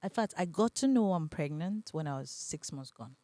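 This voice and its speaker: A woman's voice: sits low, normal speed, dry recording. A young adult woman with a Nigerian accent, a podcast guest telling her story in casual conversation and acting out the voices she quotes. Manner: animated, acts out quoted voices, laughs often.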